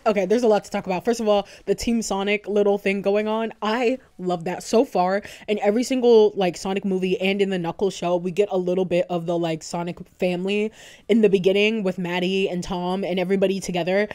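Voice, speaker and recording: A woman's voice: mid-range voice, steady tone, fairly quick, mellow. A young woman YouTuber giving casual fan commentary, gushing and rambling, often breaking into laughs.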